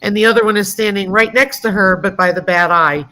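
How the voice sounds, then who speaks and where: A woman's voice: mid-range voice, a little fast, pushed and bright. A woman co-hosting a farm livestream, chatting casually and telling stories with an easy, talkative manner. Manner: chatty, storytelling with laughs. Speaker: livestream co-host. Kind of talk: casual chat. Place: home farm.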